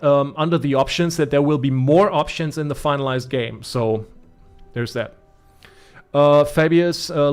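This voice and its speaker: A man's voice: medium pitch, darkish tone, clear, resonant tone. A man from Germany with a German accent, chatting casually as a gaming streamer, rambling with many fillers and restarts. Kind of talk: casual live-stream commentary.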